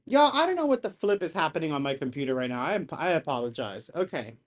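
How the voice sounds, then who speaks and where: A man hosting a casual live reaction stream from his home setup, excitable and rambling, swearing as he rants into a desk mic. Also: a little high, quick pace. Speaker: livestream reaction host. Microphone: desk microphone.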